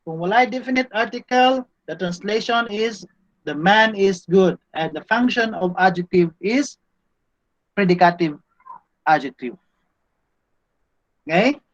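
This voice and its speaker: Slow Cebuano-accented man teaching Greek. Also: high voice, animated. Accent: Filipino, Cebuano. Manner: slow, patient, stops to quiz students. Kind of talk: classroom grammar lecture. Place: classroom. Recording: dull lo-fi classroom recording.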